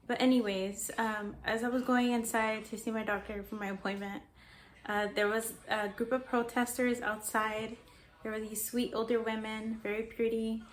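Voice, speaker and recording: A young woman vlogger rambling through a personal story in a fairly high voice that barely rises or falls. A faint hiss of noise sits under the recording. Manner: rambling, chatty, sidetracked. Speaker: artist vlogger. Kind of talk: casual storytelling vlog.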